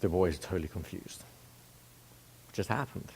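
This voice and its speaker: A man's voice: low-pitched, expressive, normal speed, darkish tone, slight background noise. A man telling a story in a casual, conversational way, with restarts and asides to the listener.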